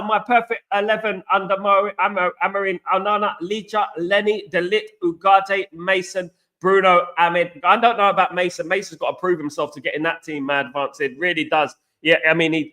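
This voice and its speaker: A man's voice: high voice, fairly even intonation, fairly quick, few pauses, bright, forceful tone. An English man hosting a casual live stream, chatting to viewers and reading out their comments, calling them guys and mate. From England.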